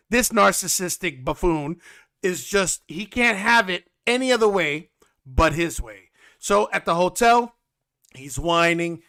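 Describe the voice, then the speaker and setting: A man hosting a casual reality-TV recap, animated and sarcastic in a gossipy way. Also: sits high. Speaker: host.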